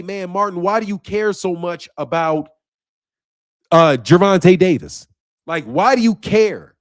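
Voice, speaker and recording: A high-voiced man runs a boxing channel and speaks straight to camera in a casual monologue, recorded clean in a studio with no room sound. He's emphatic and repetitive, cursing often as he turns intense and confrontational.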